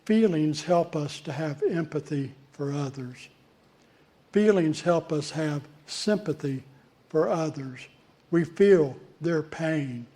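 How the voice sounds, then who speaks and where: A man preaching a sermon as pastor, in a measured way with deliberate pauses. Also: a little high, mellow. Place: church.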